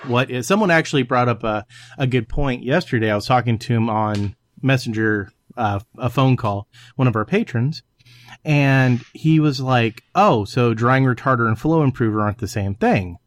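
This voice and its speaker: A man's voice: mid-range voice, moderate pace. A man hosting a casual hobby podcast, joking and swearing freely between laughs. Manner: joking, profane, laughs often. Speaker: podcast host.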